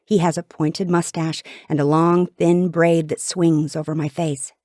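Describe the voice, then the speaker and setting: A woman reads an audiobook in the first person, with intense, dramatic delivery. Her voice is on the lower side, recorded close and dry on a studio mic. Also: level tone, a little slow, mellow, no room sound. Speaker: audiobook narrator.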